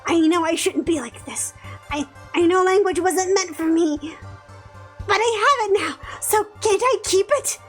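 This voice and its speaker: A woman's voice: extremely high pitch, measured pace, faint music behind, pitched above the performer's own voice. A woman voicing a stammering timid creature girl. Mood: tearful. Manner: stammering, pleading. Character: timid, tearful young female creature. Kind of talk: cold-read visual novel voice acting.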